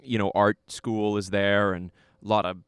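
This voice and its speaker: A man's voice: on the low side, flat delivery, moderate pace, clear, resonant tone, no echo. A young American man chatting casually, rambling through a travel story with lots of fillers. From United States. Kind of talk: casual conversation.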